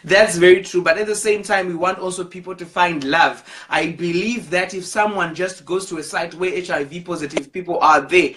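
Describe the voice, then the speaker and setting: A woman from Zimbabwe, hosting a live-streamed talk show, reading viewer comments and encouraging a caller warmly. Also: on the low side, normal speed, few pauses.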